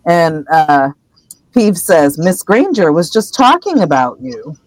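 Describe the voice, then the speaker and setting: A woman co-hosting a casual book podcast, retelling a chapter expressively and jumping into high voices for the characters she quotes. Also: animated, takes it slowly, long pauses, a little mellow, no room sound, low-quality recording. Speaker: podcast co-host.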